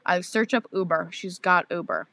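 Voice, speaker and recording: A young woman in her twenties co-hosting a podcast, telling a story in casual, animated chat with lots of swearing and acted-out quotes. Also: lowish voice, normal speed, dry recording. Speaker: podcast co-host.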